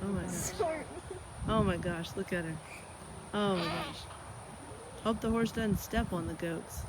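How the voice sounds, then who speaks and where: A woman's voice: on the low side, measured pace. Chatty woman vlogging outdoors, noisy. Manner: chatty, storytelling, talks to animals. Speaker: chiropractor vlogger. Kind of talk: casual vlog narration. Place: outdoors on a ranch and in a car.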